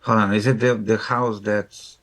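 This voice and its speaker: A man with a lowish voice plays in a tabletop game. He stops to double-check the map and rules, hesitating before he commits. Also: flat delivery, a little slow, a crowd in the background. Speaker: player.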